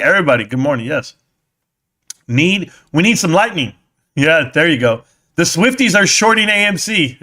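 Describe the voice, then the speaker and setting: Male streamer, high bright voice, brash mocking rant to live chat. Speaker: stock market live streamer.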